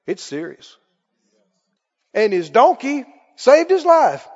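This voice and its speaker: A man's voice: very high voice, wildly swooping pitch, slow pace, darkish tone, long reverb tail, lo-fi sound. A man preaching a sermon, dramatic and full of rhetorical questions as he tells the story.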